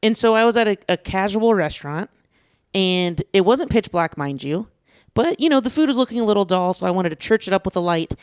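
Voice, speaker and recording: A man with a naturally high voice and a smooth, crisp tone, chatting on a podcast. He tells his stories in a gossipy way and laughs through them. The sound is close and dry. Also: lively intonation, brisk, dry recording. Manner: gossipy, laughs often, self-described petty. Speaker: podcast co-host, food blogger. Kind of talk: casual chat, storytelling.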